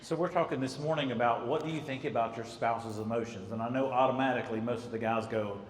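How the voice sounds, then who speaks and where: A man's voice: mid-range voice, quick pace. A man giving a conversational church talk on marriage, mixing in anecdotes. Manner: conversational, tells anecdotes, acts out quotes. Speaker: marriage counselor. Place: church hall. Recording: echoey hall, faint ambience.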